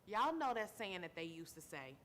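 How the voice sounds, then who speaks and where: A woman's voice: lowish voice, big pitch swings, moderate pace, a bit bright, a little hiss or hum. A tired mother hosting her own show, giving an earnest monologue that repeats phrases for emphasis and calls listeners baby. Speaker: show host. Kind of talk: heartfelt talk-show monologue.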